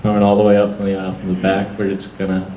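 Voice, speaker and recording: A jokey, chatty man moderates a convention panel, his voice sitting a little low. The sound rings around a big, echoey hall with faint room noise behind. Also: monotone, very fast, recorded from a distance, muffled recording. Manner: jokey, chatty, playful asides.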